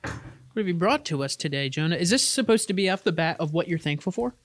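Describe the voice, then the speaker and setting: A man's voice: a little high, lively intonation, a little fast, fairly bright tone. A young man co-hosting a casual podcast, eager and chatty, hesitating when earnest. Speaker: podcast co-host. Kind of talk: casual chat.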